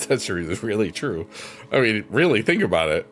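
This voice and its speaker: A man hosting a casual livestream, goofy and upbeat, joking and laughing often, talking close to the mic. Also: fairly low pitch. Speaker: livestream host. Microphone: close mic, leans in.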